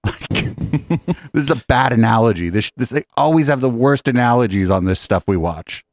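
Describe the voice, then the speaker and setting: A man co-hosting a podcast, reacting to clips in an excitable, profane, laughing way. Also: mid-range voice, normal speed, no room sound, studio quality. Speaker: podcast co-host. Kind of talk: casual reaction chat.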